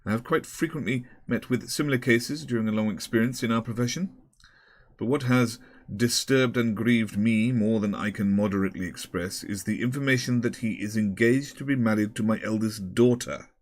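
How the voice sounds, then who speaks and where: A man's voice: fairly low pitch, moderate pace, natural voice. A man reading as a pompous old headmaster. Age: older. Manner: long-winded, pompous, with hesitations. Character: elderly pompous male headmaster, fussy and snobbish.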